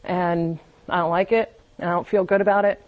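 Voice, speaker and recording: A woman's voice: fairly low pitch, fairly even intonation, a little fast, dull audio. A woman speaking candidly at a recovery meeting, giving a confessional personal testimony and often restarting her sentences.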